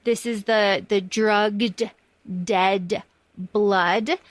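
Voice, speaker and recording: A woman's voice: mid-range voice, fairly even intonation, extremely slow, no room sound. A woman co-hosting a podcast, rambling enthusiastically about a movie and swearing freely. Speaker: podcast co-host. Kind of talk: casual film discussion.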